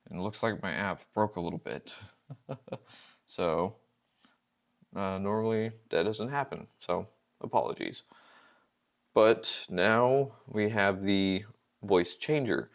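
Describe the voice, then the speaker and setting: Male host, casual tech review; slightly low voice, friendly and upbeat. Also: slow pace, creaky, long pauses. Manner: chatty, upbeat, laughs easily. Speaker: podcast host reviewing microphones.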